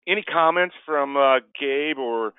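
A man's voice: mid-range voice, measured pace, clean tone, no room sound. A man giving a casual webinar presentation, chatty and tagging sentences with "right?". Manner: chatty, peppers speech with "right?". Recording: tinny phone-line sound, dry.

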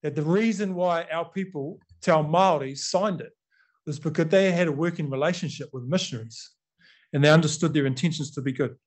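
A man's voice: on the high side, fairly quick. A middle-aged man with a New Zealand accent giving a conversational storytelling talk to an audience, acting out quotes and using many fillers.

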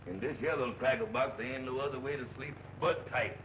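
An actor playing a slow, deadpan roommate who sleepwalks, in a 1940s film comedy. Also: male voice, mid-range voice, close to an everyday voice. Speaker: comic film character. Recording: dull old film soundtrack with faint hiss.

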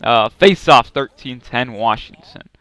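Excitable man yelling over a hockey game. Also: medium pitch, measured pace, dry recording. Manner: swings from muttering to loud yelling at plays. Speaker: gaming YouTuber. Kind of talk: excited play-by-play gameplay commentary.

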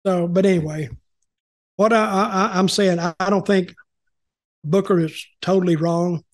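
An older wrestling storyteller hosts a relaxed chat in a high voice with a steady tone and normal pacing. His stories drift and restart, words get repeated, and he quotes people along the way.

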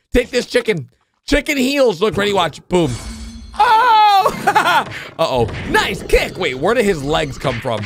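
High-voiced excitable man reacting over music. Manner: exclaiming, frequent shouts and laughs. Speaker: video reactor. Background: cartoon music and sound effects.

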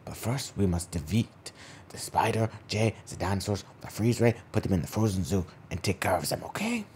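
A man's voice: lowish voice, big pitch swings, normal speed, darkish tone, a little hiss or hum. A man voicing a pompous male mad scientist in a bedtime story, bossy and declaring plans.

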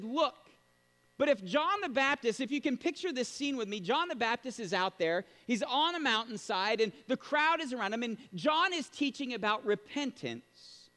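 A man preaching a sermon as pastor, emphatic and animated, with sudden loud exclamations. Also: very high-pitched, in a large hall.

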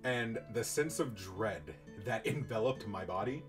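A young man in college telling a story about his own past in a casual, animated, self-mocking way, swearing freely. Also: fairly low pitch, unhurried. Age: young adult. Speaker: YouTuber. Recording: distant mic, faint guitar music behind.

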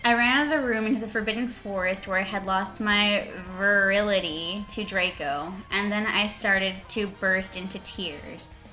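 Woman, young adult, mocking reading with asides, bright tone. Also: medium pitch, soft background music. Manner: reads slowly, breaks into laughter and sarcastic asides. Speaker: reader and commentator. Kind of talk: mocking dramatic reading of fan fiction.

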